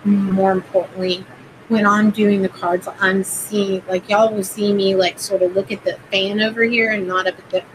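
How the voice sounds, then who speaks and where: A woman's voice: medium pitch, little pitch movement, moderate pace, noisy background. A woman hosting a casual livestream and doing card readings, rambling with plenty of fillers and greeting viewers by name. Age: adult parent.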